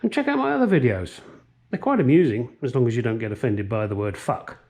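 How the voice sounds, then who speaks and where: A man's voice: medium pitch, sing-song, fast talker, a little mellow. A man hosting a car restoration vlog, chatting casually in a home garage, rambling and joking as he goes. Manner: rambling and jokey, swears freely. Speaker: channel host restoring a classic car. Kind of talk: casual workshop vlog chat.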